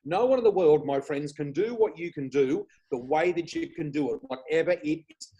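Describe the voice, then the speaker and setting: An Australian man guesting on a video podcast, talking with lively, excitable enthusiasm about spiritual matters. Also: fairly high pitch, normal speed, husky, rough recording. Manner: enthusiastic, excitable, laughs often. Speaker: flower reader guest. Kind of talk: casual spiritual chat.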